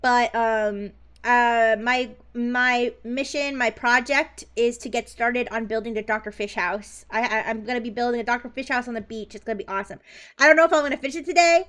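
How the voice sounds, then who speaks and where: High-voiced bubbly woman streamer. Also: a little fast, a bit bright. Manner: chatty and bubbly, with frequent giggles and restarts. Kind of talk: casual live-stream chat.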